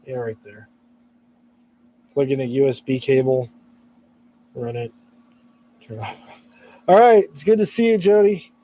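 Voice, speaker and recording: A man from California, hoarse from allergies, chatting casually and laughing often on a live stream. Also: medium pitch, measured pace, pauses often, mellow.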